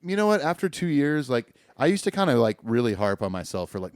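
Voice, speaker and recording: Man, podcast co-host, quick talker, joking, crude humor, close dry recording. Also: medium pitch, very animated, darkish tone, no echo. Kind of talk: casual podcast banter.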